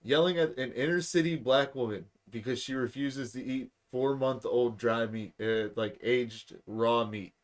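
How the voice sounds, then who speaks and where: A young man co-hosting a podcast, telling stories in casual, profane, animated chat. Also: mid-range voice, a little slow, hardly any pauses. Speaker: podcast co-host.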